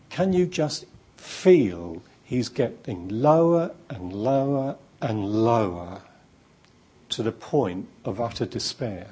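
Slow, husky preacher. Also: male voice, fairly low pitch, mellow. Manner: emphatic, repetitive, storytelling. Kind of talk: sermon.

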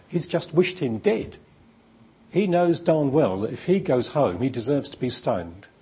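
A preacher delivers a sermon with a very husky, breathy voice. He speaks slowly, and his pitch swings widely as he builds each point through emphatic repetition. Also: dark tone.

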